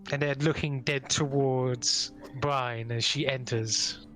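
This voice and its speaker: A game master narrating a tabletop sci-fi adventure in a relaxed, descriptive way, with frequent fillers. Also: mid-range voice, slow pace, soft background music.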